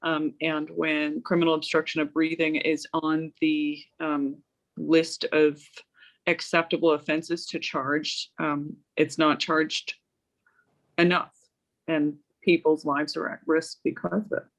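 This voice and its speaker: Flat, steady woman guest. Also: sits low, takes it slowly, low-quality recording. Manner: steady, informative, frequent ums. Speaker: guest advocate. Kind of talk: interview answers.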